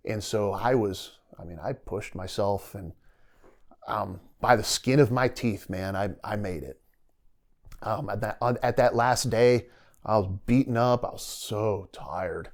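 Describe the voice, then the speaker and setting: A middle-aged man with a somewhat low voice tells his own story as a guest on a podcast. He talks casually and with animation, acting out the voices of people he quotes. He laughs readily as he goes. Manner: animated storyteller who acts out quoted dialogue and laughs often. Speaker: podcast guest, retired soldier.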